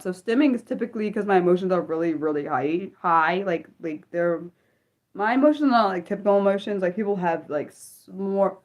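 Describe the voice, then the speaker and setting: A young woman hosting an unscripted livestream, chatting excitedly with viewers and answering chat, with lots of fillers and restarts. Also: mid-range voice. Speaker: livestream host.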